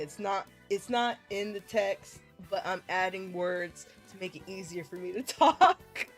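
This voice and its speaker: A woman's voice: mid-range voice, measured pace, hardly any pauses, soft background music. A woman streaming a visual novel, making giggly, self-deprecating asides between lines. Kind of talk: casual game stream commentary.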